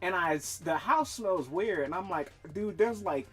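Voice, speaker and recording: A man with a slightly husky voice chats casually on a stream, swearing freely and rambling through a story. He breaks into laughter often. Soft music plays low behind him. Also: animated, normal speed.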